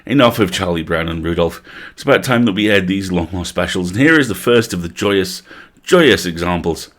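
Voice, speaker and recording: A man's voice: low voice, animated, moderate pace, fairly bright tone. A man reading a comic parody story aloud on a live stream, playful, stopping now and then to laugh and comment.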